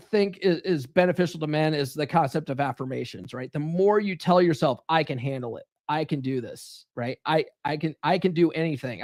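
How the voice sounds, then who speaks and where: A man's voice: fairly high pitch, no echo, clean studio sound. A man hosting a live stream in a casual, profane monologue that keeps checking in with "right?". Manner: casual and profane, peppered with "right?" tag questions.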